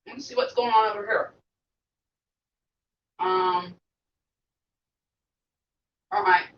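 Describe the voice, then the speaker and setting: On a dull, lo-fi live stream, a middle-aged vlog host from the Mississippi Gulf Coast chats casually with viewers while eating. She has a Southern US accent and a medium-pitched voice with fairly even intonation, and she takes her time. Her manner is chatty and homey, and she keeps talking between bites.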